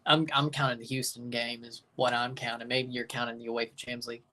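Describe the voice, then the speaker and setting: A man's voice: mid-range voice, flat delivery, fast talker, pushed and bright. Chatty man hosting a live watchalong. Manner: chatty, reads viewer comments aloud and answers them. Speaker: streamer hosting a match watchalong. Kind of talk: casual live reaction chat.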